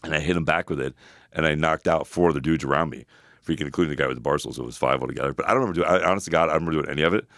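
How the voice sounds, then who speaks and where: A man co-hosting a podcast, telling rambling, animated stories full of filler words. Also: very deep voice, very fast, gravelly, no room sound, clean studio sound. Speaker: podcast co-host. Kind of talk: casual storytelling chat.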